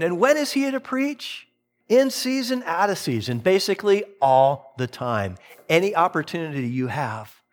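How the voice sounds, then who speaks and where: A middle-aged man preaching a sermon as a pastor, talking in an animated way and acting out voices in his stories. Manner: animated, swings pitch widely, mimics voices in anecdotes.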